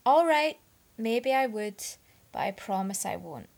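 Woman doing smug young man, needling, dismissive, gravelly. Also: fairly high pitch, lively intonation, a little slow, a little mellow. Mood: wary.

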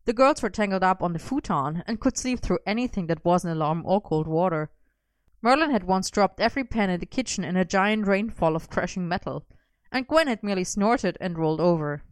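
A woman's voice: lowish voice, lively intonation, brisk, no echo. A woman reading a lighthearted story aloud with wry, comic timing. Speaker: narrator.

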